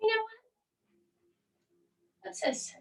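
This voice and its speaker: A woman in her thirties leading a children's bedtime yoga lesson at home, with soft, coaxing instructions. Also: takes it slowly, far from the mic, a little hiss or hum, rough recording. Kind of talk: gentle kids' yoga lesson and read-aloud.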